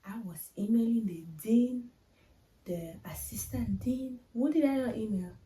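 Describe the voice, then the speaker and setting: A young woman shares a personal story on her vlog, confiding and emotional, talking straight to her viewers. Her voice is mellow and a bit dark, and she sits a little back from the microphone. The room around her is echoey. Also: fairly high pitch, a little slow, recorded from a distance, slight background noise. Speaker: vlogger.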